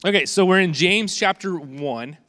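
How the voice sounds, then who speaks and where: A man's voice: high voice, moderate pace, sharp tone, no room sound, clean studio sound. A man, in his thirties, preaching a chatty, conversational sermon with a stuffy nose and many fillers and restarts. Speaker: pastor.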